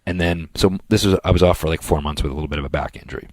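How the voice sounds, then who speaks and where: A male podcast co-host with a bass voice tells long, rambling anecdotes in casual conversation and slips into quick impressions of other people. The recording is dry.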